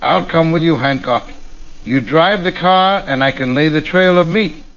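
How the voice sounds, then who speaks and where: A man's voice: a little high, normal speed, fairly bright tone, muffled recording. A man doing a cheeky Cockney sidekick. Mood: mocking. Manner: wry, mocking, blunt. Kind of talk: AI-voiced comedy sketch.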